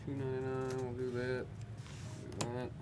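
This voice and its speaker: A man's voice: medium pitch, monotone, normal speed, music in the background. A man hosting a live card break, reading out player names with loose, rambling, joking commentary. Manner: reads out player names as he goes. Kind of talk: live commentary while opening cards.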